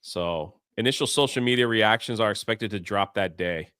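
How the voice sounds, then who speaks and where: A man's voice: lowish voice, moderate pace, bright, forceful tone, clean tone, dry recording, studio quality. A man co-hosting a casual podcast chat in a playful, teasing way. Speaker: co-host.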